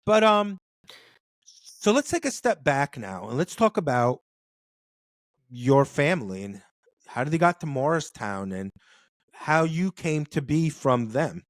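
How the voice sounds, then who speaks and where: A man's voice: on the high side, big pitch swings, takes it slowly, long pauses, no room sound, studio quality. A man hosting an interview, chatty and joking, with lots of restarts. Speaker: podcast host. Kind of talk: casual interview.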